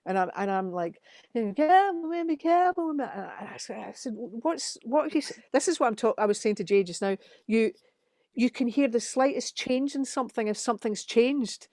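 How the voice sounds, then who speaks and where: A woman's voice: on the high side, normal speed, dry recording. A middle-aged Scottish woman, a musician guest, telling studio stories in casual chat and acting out the quotes. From Scotland. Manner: animated storytelling, acts out quotes.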